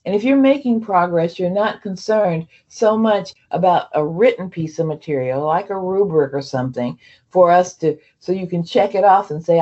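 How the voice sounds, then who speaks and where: A woman's voice: on the low side, moderate pace, warm tone. Woman presenter, program leader, loose chatty delivery full of fillers, slightly dull audio. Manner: conversational, many fillers and restarts. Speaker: program leader addressing trainees. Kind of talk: onboarding presentation.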